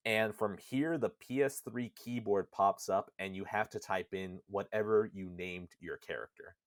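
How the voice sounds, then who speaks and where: Low-voiced man animatedly retelling a game. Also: unhurried, no room sound, studio quality. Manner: animated, swears casually, breaks into voices. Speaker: podcast co-host. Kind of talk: casual retelling of a game plot.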